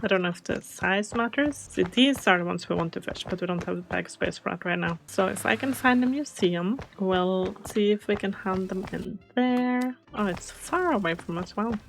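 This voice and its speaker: Soft-spoken woman playing a life game. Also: medium pitch, normal speed, vocal fry, few pauses, a little hiss or hum. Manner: soft-spoken, chatty, easily confused. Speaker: gaming channel host. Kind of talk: casual game commentary.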